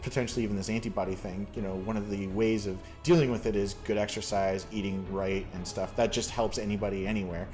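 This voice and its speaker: A man's voice: lowish voice, steady tone, fast, few pauses, a little mellow, soft background music. A man from Canada hosting a casual chat, rambling through a story with lots of fillers. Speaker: podcast host.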